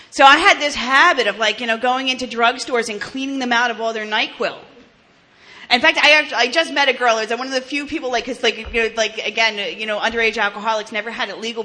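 With a sharp tone on the high side, a recovery speaker in her 30s from New Jersey, US tells her own story. The candid testimony is blunt and full of swearing, broken by restarts and laughs.

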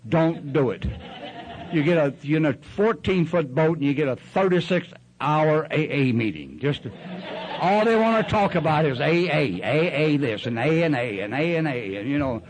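A man's voice: fairly high pitch, very animated, moderate pace. An older man sharing his story at a recovery meeting in a rambling, folksy way, acting out other people's voices. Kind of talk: storytelling share.

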